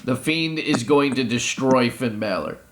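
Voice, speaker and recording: A man's voice: mid-range voice, animated, unhurried, a bit bright. A man hosting a podcast in casual chat, laughing often and moving things along. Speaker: podcast host. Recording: noisy podcast recording.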